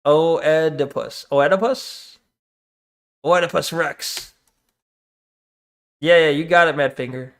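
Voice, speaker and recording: A man's voice: fairly high pitch, slow, pauses often, fairly bright tone. A young man streaming, chatting casually and rambling with a profane, joking manner as he reads his chat.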